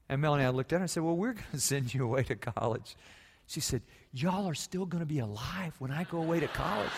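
A man preaching a sermon, moving from hushed stories to loud, fervent preaching. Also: fairly high pitch, animated, quick pace, breathy edge. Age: 40s. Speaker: pastor. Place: church sanctuary. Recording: long reverb of a large church hall.

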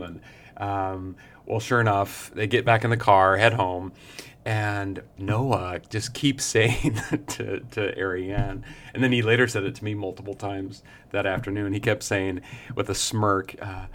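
A man hosts a reflective spiritual podcast. His voice sits fairly low. He tells a story gently and chattily, with many "uh"s and soft laughs. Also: steady tone, a little slow. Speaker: podcast host.

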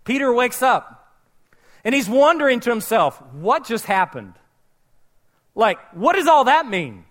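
Animated high-voiced man preaching. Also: unhurried, long pauses. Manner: animated storytelling, acting out voices. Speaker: pastor. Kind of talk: sermon.

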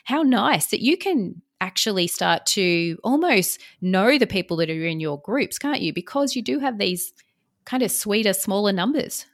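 A woman's voice: mid-range voice, animated, moderate pace, no echo, studio quality. A woman hosting a podcast, chatting encouragingly with a guest and affirming what she says. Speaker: podcast host. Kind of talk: conversational podcast interview. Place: separate room, recorded remotely. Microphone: remote call, podcast mic.

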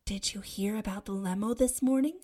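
A woman's voice: medium pitch, moderate pace, mellow, breathy edge, close to an everyday voice. A woman doing an eager, gossipy teenage girl.

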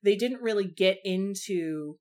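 A woman's voice: medium pitch, unhurried, darkish tone. A young woman chatting casually about film adaptations, talkative, full of fillers and casual swearing.

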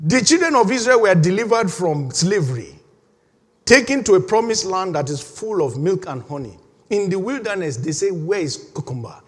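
A man preaching a sermon as pastor, animated, laughing often and leading the congregation in reading together. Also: high voice, moderate pace. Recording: long hall reverb.

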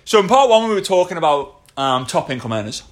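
A man's voice: on the high side, big pitch swings, fast talker. A man co-hosting a casual podcast, chatty and laughing, with many fillers and restarts, speaking close to a phone mic. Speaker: podcast co-host. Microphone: phone held close.

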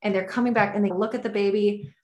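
An enthusiastic, effusive woman shares what she knows about birth in a loose, casual podcast chat. Her voice sits at an ordinary middle pitch. It rings with the echo of the room. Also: steady tone, fast talker. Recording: echoey room.

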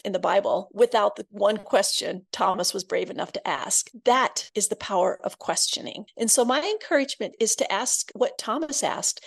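A woman from Iowa, a guest author on a faith podcast, telling her story in an earnest, heartfelt way with soft intimate asides. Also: mid-range voice, measured pace, vocal fry, hardly any pauses.

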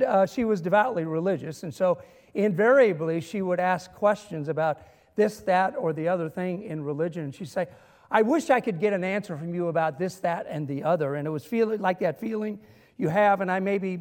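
A male minister preaches a sermon in a high voice, speaking a little fast with a long reverb tail. He tells humorous stories and builds to emphatic, dramatic points.

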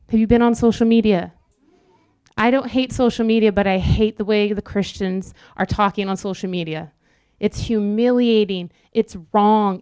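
A young woman preaching a sermon in an earnest, conversational way with quick asides. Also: medium pitch, a little mellow, clean tone, dry recording.

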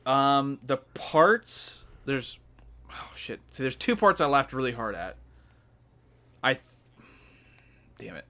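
A man's voice: mid-range voice, very animated, slow, pauses often, bright, forceful tone. A man co-hosting a podcast in casual chat, laughing often and swearing as he retells scenes. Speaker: podcast co-host.

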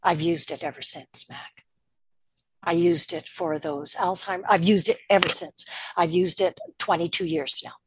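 An older woman from the Canadian prairies, appearing as a guest in a conversation, tells personal stories in a fairly low, husky voice at a normal speed. She's animated and acts out the voices she quotes, and there's no room sound.

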